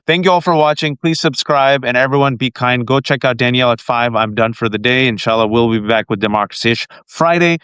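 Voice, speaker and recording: A man's voice: medium pitch, a little fast, hardly any pauses, fairly bright tone, clear, resonant tone, no room sound. A man in his forties hosting a political podcast, casual and joking, full of "uh" fillers. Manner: joking, rambling, many "uh" fillers. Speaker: podcast host.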